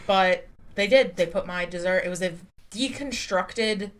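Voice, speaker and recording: A woman co-hosting a podcast rambles through a travel story in casual, animated chat, saying "like" a lot. Her voice is medium in pitch and her pace a little slow.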